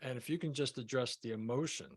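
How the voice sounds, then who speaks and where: A man's voice: medium pitch, fast, slightly rough. A man leading a sales coaching session, emphatic, often repeating words as he teaches. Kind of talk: group coaching call.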